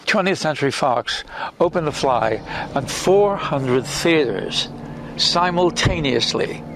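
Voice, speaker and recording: An older man, an actor being interviewed, telling anecdotes in an animated way with restarts and acted-out quotes. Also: fairly high pitch, takes it slowly, background noise.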